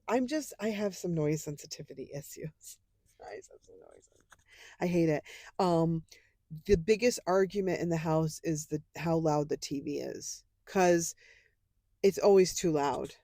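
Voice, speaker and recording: A woman's voice: fairly low pitch, unhurried, long pauses, warm tone, no echo. A woman co-hosting a podcast, chatting casually and swearing as she rants about pet peeves. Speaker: podcast co-host. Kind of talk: casual chat.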